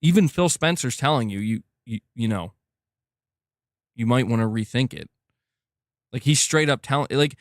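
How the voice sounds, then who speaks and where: Gaming stream guy talking to chat, mid-pitched voice, dry close mic, no room sound. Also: lively intonation, moderate pace, long pauses, no echo. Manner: chatty, reads donations aloud, talks to chat directly. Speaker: gaming news livestream host. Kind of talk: casual livestream commentary.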